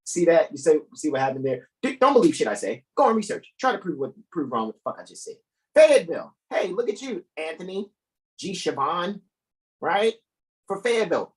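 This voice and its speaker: A man hosting a live talk stream, emphatic and profane, often bursting into loud, incredulous questions. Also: high voice, sing-song, brisk, poor audio. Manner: profane, keeps asking "right?". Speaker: host. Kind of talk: animated livestream talk.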